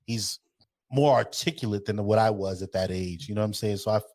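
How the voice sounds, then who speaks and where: This podcast co-host has a lowish voice and talks a little fast in casual chat. He's blunt, lively and opinionated, and he swears heavily.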